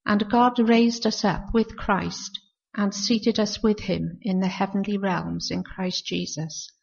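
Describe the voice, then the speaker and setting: A woman reading scripture aloud in church in a slow, measured way. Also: mid-range voice, steady tone, creaky, slightly rough, lo-fi sound. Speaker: scripture reader.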